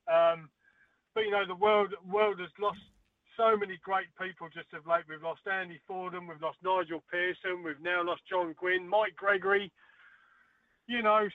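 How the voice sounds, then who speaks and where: A man's voice: high-pitched, no echo. A man, a former darts player, telling stories in a chatty way with many fillers during an interview. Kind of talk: casual phone interview. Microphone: phone. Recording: tinny phone line, dry.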